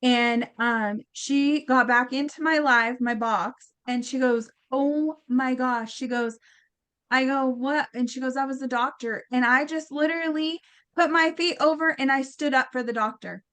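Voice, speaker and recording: A woman with a fairly high voice tells a story in casual chat. She is animated and acts out each quote, with plenty of fillers and restarts. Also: normal speed, clean tone. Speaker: guest healer.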